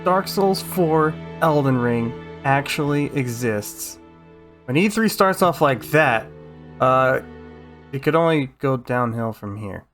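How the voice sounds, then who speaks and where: A young man giving a sarcastic, comedic recap of gaming news, with excitable outbursts. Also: mid-range voice, takes it slowly. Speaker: gaming YouTuber. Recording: music playing under the voice. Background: music.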